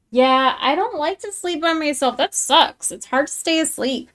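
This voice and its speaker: Bubbly, chatty woman, slightly high voice. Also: fairly bright tone. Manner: chatty, bubbly, laughs often. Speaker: painting tutorial streamer. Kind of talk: live-stream painting tutorial with chat.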